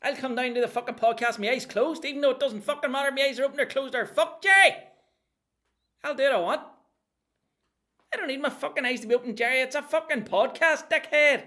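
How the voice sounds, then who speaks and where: Loud ranting foul-mouthed character, high strained voice, bright tone. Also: male voice, a little fast. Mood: aggressive ranting. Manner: shouty, swearing, aggressive. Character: foul-mouthed brash male comedy character Decky the Gaffer.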